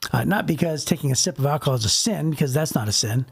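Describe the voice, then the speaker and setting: A man's voice: fairly high pitch, lively intonation, fast talker, gravelly, slightly rough. A middle-aged man co-hosting a faith podcast, talking in a loose, rambling way and acting out quotes. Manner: rambling, acts out quotes in little voices. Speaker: podcast co-host. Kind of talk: casual faith discussion.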